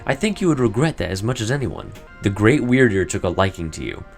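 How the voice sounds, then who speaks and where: An earnest, apologetic clansman from a game who offers comfort, read aloud by a man. His voice is low and his delivery animated. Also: brisk, faint music behind. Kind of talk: reading game dialogue aloud in character.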